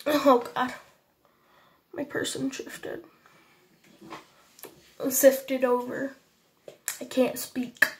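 A woman's voice: sits high, flat delivery, very slow, pauses often, a little hiss or hum. A woman giving casual, apologetic commentary on her Minecraft game for viewers. She is sniffly after a cold and speaks in a vague put-on foreign accent. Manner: chatty, apologetic, talks to viewers while playing. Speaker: gaming channel host.

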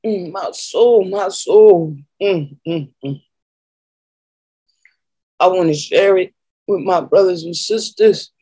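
A woman preacher giving an emotional spiritual testimony, moaning and sighing between phrases and pausing to collect herself. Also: lowish voice, dark tone, husky, low-quality recording.

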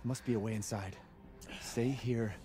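An actor playing a weary, determined man who is the hero of a video game, speaking in short, low-key lines. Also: steady tone, measured pace, warm tone, faint music behind, natural voice. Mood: terse. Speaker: game protagonist.

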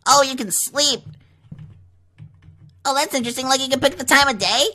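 A woman's voice: sits high, moderate pace, sharp tone, low-quality recording. A young woman hosting a let's play, commenting as she explores, easily startled and shrieking when scared. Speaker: gaming channel host. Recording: faint game music behind. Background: game music.

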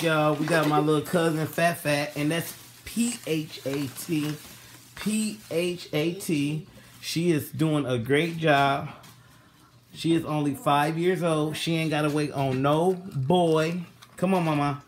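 Filmed in a home kitchen with a little hiss or hum, this vlogger has a fairly high, steady male voice and a somewhat slow pace. He casually walks viewers through cooking while patiently coaching children, coaxing them and giving directions step by step.

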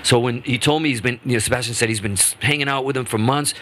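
A man being interviewed as a guest musician on a radio show, telling animated, rambling stories full of restarts. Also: mid-range voice, fast talker. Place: radio studio.

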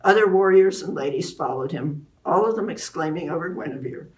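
A woman author introducing and reading aloud from her own novel in a clear, animated way. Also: on the low side, fairly quick, far from the mic.

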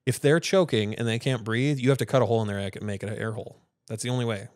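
Dad co-hosting a podcast, rambly storyteller, does little voices for quotes, dry sound. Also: male voice, mid-range voice, very fast, darkish tone, no room sound. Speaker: podcast co-host and father. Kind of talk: casual chat.

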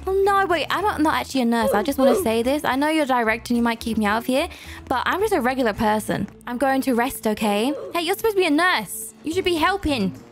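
Young woman, high voice, excitable gameplay commentary, faint music behind. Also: fast talker. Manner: excitable, chatty, gasps and exclaims often. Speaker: gaming YouTuber.

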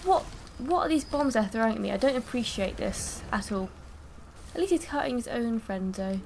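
A woman's voice: on the high side, expressive, normal speed, noisy background. A young woman giving gameplay commentary as she plays, swearing and bursting out in frustration. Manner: swearing, frustrated outbursts and screams. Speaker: gaming video creator.

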